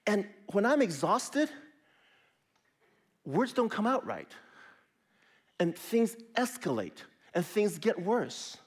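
Lively conversational male preacher. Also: sits high, takes it slowly, pauses often, slightly rough. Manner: lively, conversational preaching with sudden soft drops. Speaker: pastor. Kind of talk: sermon.

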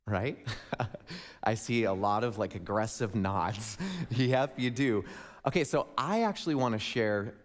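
A young man from Wisconsin giving a humorous storytelling sermon, playful and jokey with asides to the audience. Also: fairly low pitch. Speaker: speaker addressing a congregation. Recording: long reverb of a large hall.

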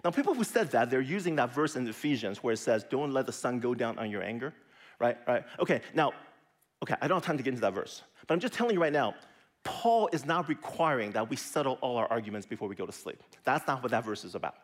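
A middle-aged man preaching a sermon in a conversational way, often dropping to a soft, near-whispered voice for emphasis. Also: mid-range voice, quick pace. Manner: lively, conversational preaching with sudden soft drops. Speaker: pastor.

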